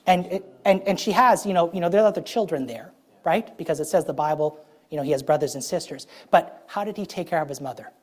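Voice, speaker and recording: With a lowish voice, a woman delivers a sermon in a loose, conversational style. She keeps checking in with "right?" and "okay?" and stretches out important phrases slowly to stress them.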